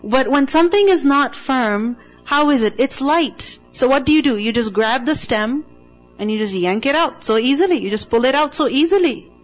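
High-voiced woman teaching with emphasis. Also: animated, moderate pace, dull audio, soft background music. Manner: emphatic, asks rhetorical check questions. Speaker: Quran teacher. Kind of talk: explaining a Quranic word to a class.

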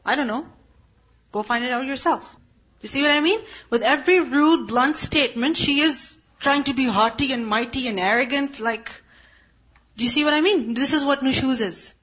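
Brief: woman religious teacher, high breathy voice, explains step by step and keeps asking if listeners follow. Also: normal speed, fairly bright tone, dull audio. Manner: explanatory, checks in with rhetorical questions. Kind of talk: Quranic explanation lesson.

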